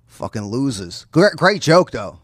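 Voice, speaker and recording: A man's voice: mid-range voice, very animated, a little slow. A man in an improvised comedy sketch, brash and teasing, swearing freely.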